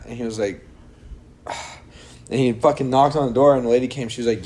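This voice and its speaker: A man's voice: mid-range voice, fast talker, long pauses, warm tone. A young man casually telling a long, rambling story to friends on a podcast, acting out quotes and swearing freely. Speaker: podcast co-host.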